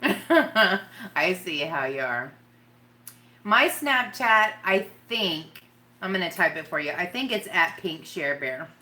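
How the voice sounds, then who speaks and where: A bright-voiced woman rambles through a casual live-stream chat. She giggles often and talks straight to the people in her chat. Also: lowish voice, big pitch swings, takes it slowly. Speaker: makeup vlogger.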